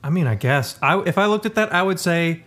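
A man's voice: high-pitched, expressive, a little fast, a bit bright. A man co-hosting a podcast in casual chat, joking and rambling, often laughing. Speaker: podcast co-host.

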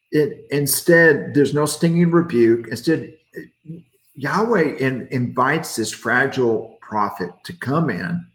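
A man's voice: mid-range voice, reverberant. A middle-aged man giving a casual midweek devotional as a pastor, joking in a folksy way and reading out viewer comments.

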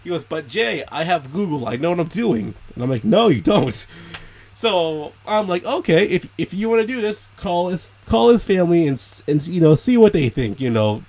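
A young man casually telling a story and acting out quoted voices, animated and swearing. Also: on the high side, fairly quick, few pauses. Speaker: host answering questions.

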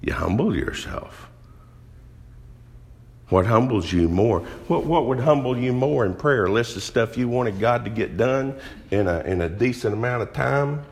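Man, preacher, sermon, slow, emphatic, long hall reverb. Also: medium pitch, animated.

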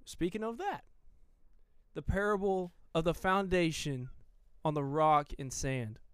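A man's voice: a little high, a little slow, fairly bright tone, clear, resonant tone, no room sound. A man co-hosting a casual faith podcast, chiming in eagerly and affirming his partner.

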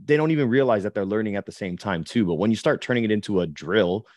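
Fast-talking low-voiced man in dry sound. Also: lively intonation, darkish tone, dry recording. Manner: casual and conversational, with lots of "like" and "you know". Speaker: podcast co-host. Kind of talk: casual podcast chat.

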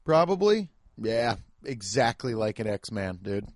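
A man's voice: lowish voice, sing-song, unhurried, darkish tone. A man who is a stand-up comedian, chatting casually and self-deprecatingly on his podcast from home. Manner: rambling, jokey, self-deprecating.

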